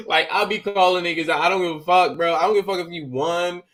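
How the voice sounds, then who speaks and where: A man co-hosting a podcast, telling animated, profane stories in casual chat and laughing often. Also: high voice, fast talker. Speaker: podcast co-host.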